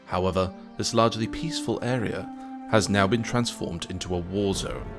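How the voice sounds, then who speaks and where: A man with a very low voice delivers a gaming video as a deadpan mock news report. He keeps a mock-serious war-correspondent tone throughout. Clear electronic music plays behind his voice-over. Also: moderate pace.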